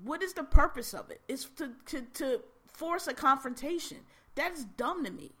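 A woman with a high-pitched voice and a bright, sharp tone hosts a podcast. She rants casually about politics, blunt and exasperated, with plenty of swearing. Her sentences often break off and start again. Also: expressive, moderate pace. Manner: blunt, exasperated, profane, many restarts. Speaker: podcast host.

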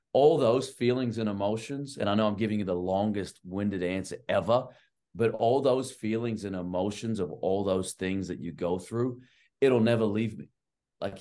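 A middle-aged man with a fairly low voice tells coaching stories at length. He talks casually and leans hard on fillers like "like" and "right." He is a guest on a podcast. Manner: animated and long-winded, heavy on fillers like "like" and "right". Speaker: guest, college basketball coach. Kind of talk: casual storytelling.

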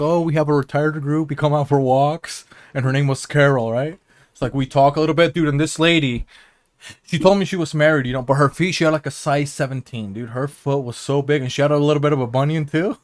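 A man's voice: fairly high pitch, no echo, studio quality. Rambling, cussing young man telling stories. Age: young adult. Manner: rambling, profane, laughs at his own stories. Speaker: podcast co-host. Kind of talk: casual storytelling chat.

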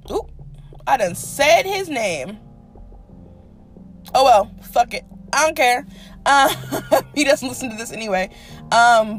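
A young woman hosting a podcast, telling a dating story in a casual, profane, dramatic way. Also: on the high side. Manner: animated, profane, dramatic with quoted asides. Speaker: podcast host.

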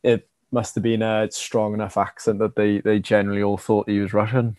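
A man from Wales tells a casual rugby story in a low voice, with plenty of ums and restarts. His tone stays dark and fairly flat. The recording is dry and close. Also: a little fast, no room sound. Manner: rambling, many fillers and restarts. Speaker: rugby sevens player, podcast guest.

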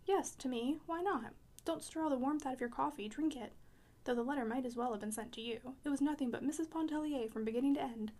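A woman's voice: high voice, quick pace, mellow. A woman voicing an eccentric elderly French pianist who talks bluntly and teasingly, dropping French words.

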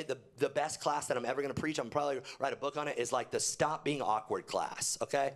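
A young man preaching a sermon to his church, animated, often jumping high and loud for emphasis and dropping low and quiet when he quotes. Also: fast talker, few pauses. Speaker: pastor. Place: church auditorium.

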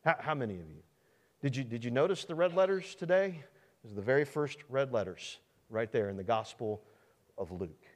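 Animated preaching man, church reverb. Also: medium pitch, fairly quick. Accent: American Midwest. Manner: animated preaching with repeated restarts and rhetorical questions. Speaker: pastor. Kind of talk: sermon. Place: church sanctuary. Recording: long reverb of a large church hall.

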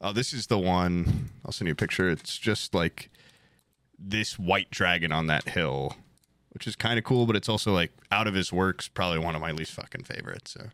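Casual, profane young man with a bright voice. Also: low-pitched, normal speed, no room sound, studio quality. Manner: rambling, profane, laid-back. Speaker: podcast co-host. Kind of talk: casual chat.

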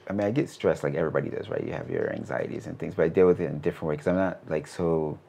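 Low gravelly man, rambling interview answers. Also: very fast. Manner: relaxed, rambling, many fillers and restarts. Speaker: animation studio CEO, interview guest.

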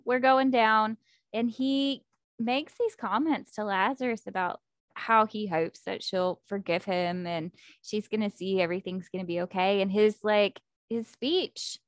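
A woman in casual chat, excitedly recapping a book plot and acting out the characters' lines. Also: medium pitch, no room sound, studio quality. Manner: animated, acts out character quotes, fillers like 'like' and 'um'.

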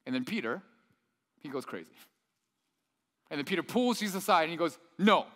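Animated man preaching in a reverberant hall. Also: fairly high pitch, brisk. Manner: animated storyteller, acts out quotes. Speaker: pastor. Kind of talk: sermon.

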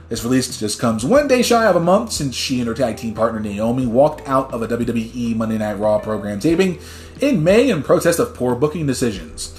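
Male podcast host from New Jersey, lively and loud, swears freely, echoey room with faint music behind. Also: on the high side. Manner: animated, swears freely, gets loud when worked up; reads news articles aloud with stumbles. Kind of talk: casual news commentary podcast.

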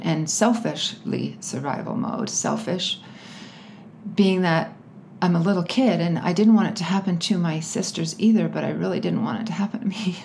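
A woman as an interview guest, talking earnestly and haltingly, breaking into nervous laughs. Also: fairly low pitch, creaky, a little mellow, slight background noise. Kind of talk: personal storytelling in conversation.

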